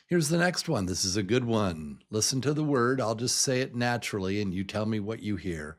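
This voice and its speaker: An older man teaching English pronunciation to beginners, repeating each word many times and stretching his pitch up and down to show the stressed syllable. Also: very animated, normal speed, hardly any pauses. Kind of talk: slow, deliberate pronunciation lesson.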